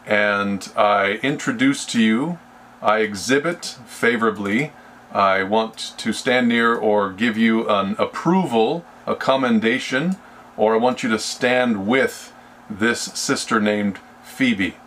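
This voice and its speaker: A man leading a Bible study, speaking slowly and deliberately and often restarting his sentences. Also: on the low side, a bit bright, a little hiss or hum. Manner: slow and deliberate, with frequent restarts. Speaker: Bible teacher.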